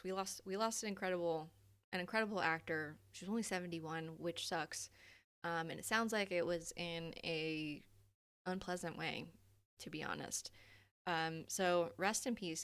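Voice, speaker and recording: A woman's voice: lowish voice, pushed and bright. A young adult woman hosting a casual live stream, chatty, laughing often and swearing freely.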